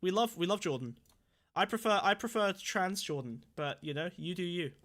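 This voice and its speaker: A man's voice: high-pitched, expressive, moderate pace, fairly bright tone. A man with a sore throat, hosting a casual livestream with swearing, mock-angry rants. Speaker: streamer host.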